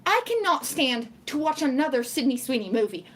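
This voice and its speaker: A woman's voice: sits high, sing-song, a little fast, husky. A woman streaming casually, reading chat aloud and ranting about her picks. She rambles with lots of fillers and laughs often. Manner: exasperated ranting.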